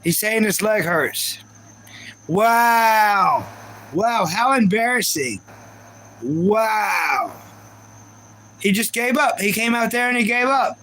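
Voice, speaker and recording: Male streamer, high voice, casual rambling rant to chat, faint background hiss. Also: normal speed, few pauses, bright, forceful tone, rough recording. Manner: ranting, repeats himself, talks to chat viewers. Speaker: livestream host. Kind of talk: casual live reaction chat.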